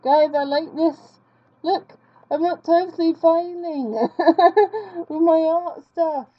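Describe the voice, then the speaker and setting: In this dull, lo-fi clip, a vlogger draws on screen while chatting in a casual, self-deprecating way, humming as she goes. Her voice is very high-pitched, and she takes her time speaking.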